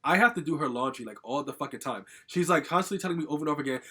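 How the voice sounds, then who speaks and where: A man's voice: fairly high pitch, racing, sharp tone, breathy edge. A young man telling a personal story in a casual, rambling vlog monologue, full of "like" fillers and swearing, agitated and venting. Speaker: storytime vlogger.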